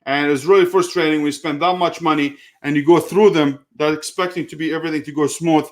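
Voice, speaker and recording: A man's voice: a little high, steady tone, brisk. A man talking casually through a step-by-step online seller tutorial, with frequent fillers and a heated edge. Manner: casual, many fillers, gets heated retelling a call. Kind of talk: screen-share tutorial with live Q&A.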